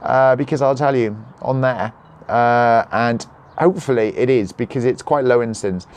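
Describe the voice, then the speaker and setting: A young man chatting casually on a live stream, reading out viewer comments and answering questions in a slightly croaky voice. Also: mid-range voice, moderate pace, a little mellow. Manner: chatty, reads out comments, jokes and apologises. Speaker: vlogger answering live chat. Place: at home, neighbours nearby.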